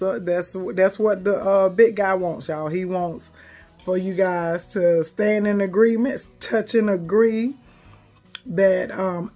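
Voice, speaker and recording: Slow-talking teary woman live streaming. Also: on the low side, warm tone. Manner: emotional, laughing through tears. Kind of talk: casual live stream chat.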